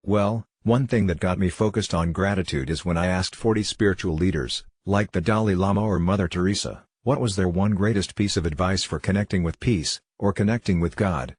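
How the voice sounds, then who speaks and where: A man being interviewed over a video call from home, telling stories in a relaxed, wry, self-deprecating way. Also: sits low, husky, no echo, clean studio sound. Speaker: interview guest. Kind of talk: relaxed storytelling in a conversational interview.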